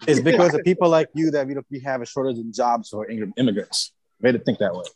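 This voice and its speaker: A man's voice: medium pitch, quick pace, a little mellow, no echo, poor audio. A young man co-hosting a podcast, teasing and joking with his friends in casual chat. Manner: teasing, joking, laughs a lot. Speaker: podcast co-host.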